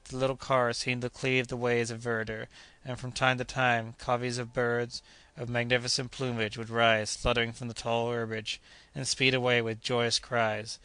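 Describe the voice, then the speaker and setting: A man narrating an adventure novel as an audiobook, reading steadily and raising his voice for the characters' shouts. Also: mid-range voice, little pitch movement, moderate pace, clear, resonant tone, dry recording. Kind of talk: scripted narration.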